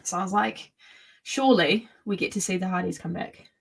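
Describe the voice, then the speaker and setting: A woman's voice: on the low side, brisk, creaky, slightly rough. A woman co-hosting a casual podcast chat, laying out her theories and setting the scene with quoted asides. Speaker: podcast co-host.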